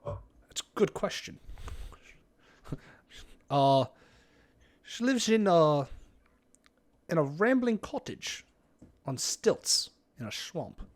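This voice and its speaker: A male game master narrates a tabletop game on stream, rambling and cursing loosely as he goes. His pitch rises and falls in a lively way. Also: takes it slowly, pauses often. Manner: casual, rambling, swears freely.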